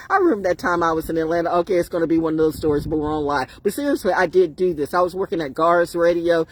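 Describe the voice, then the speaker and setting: A woman's voice: on the low side, fast talker, hardly any pauses, slight background noise. A woman talking on a live stream in a rambling, preachy monologue, riffing with laughs and bursts of song.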